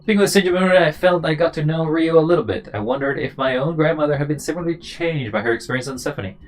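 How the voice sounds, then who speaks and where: A streamer voicing an earnest young man looking into his grandmother's past, read briskly and plainly from game dialogue. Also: medium pitch, soft background music, natural voice. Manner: brisk, flat dialogue reading. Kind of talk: reading game dialogue aloud.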